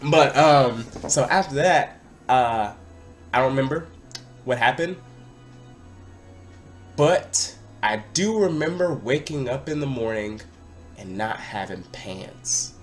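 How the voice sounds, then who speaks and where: A young man vlogging, telling a party story in a casual, excitable way and sometimes shouting out what people said. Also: mid-range voice, slow, pauses often, faint music behind. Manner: animated, excitable, breaks into loud acted-out quotes.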